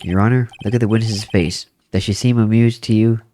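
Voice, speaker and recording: A man's voice: on the low side, fairly even intonation, brisk, mellow, a little hiss or hum, natural voice. A man voicing a determined young male defense lawyer in a game, with a pressing, accusing manner. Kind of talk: voicing a video game's text for a let's play.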